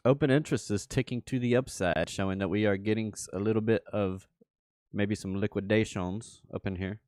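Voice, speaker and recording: A man's voice: lowish voice, fairly even intonation, fairly quick, a little mellow, no room sound, studio quality. A man streaming a crypto trading session, chatting casually and rambling to his viewers with frequent laughs. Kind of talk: casual livestream chat.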